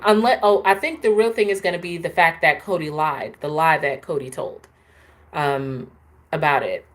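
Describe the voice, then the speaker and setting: A woman hosting a casual, opinionated live chat, talking straight to her viewers. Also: lowish voice. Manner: chatty, opinionated, answers viewers. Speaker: host.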